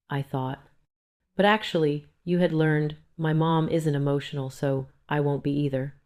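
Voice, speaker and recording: Low-voiced older woman telling a story. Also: fairly even intonation, a little mellow. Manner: slow, emotional, confessional. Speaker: narrator. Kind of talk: first-person story narration.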